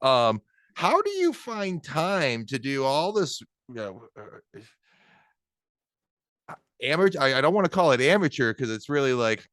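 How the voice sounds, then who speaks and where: A male podcast host in a casual interview, his pitch bouncing up and down as he works his way into a question. He stays at a middle pitch overall. The recording is close and dry. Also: big pitch swings, a little slow, a bit bright, no echo.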